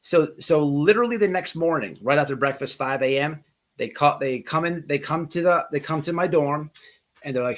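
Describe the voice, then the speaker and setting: Casual male livestream host, swears freely, trips over repeated words, bright timbre. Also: on the high side, moderate pace. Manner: rambling, profane, repeats words.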